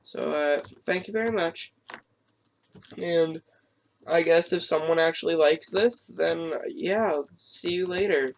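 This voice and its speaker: A man's voice: a little high, slow, gravelly, a little hiss or hum. A teenage boy commenting on his own gameplay, rambling and self-deprecating, stuttering often, his throat strained. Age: teens. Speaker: gamer.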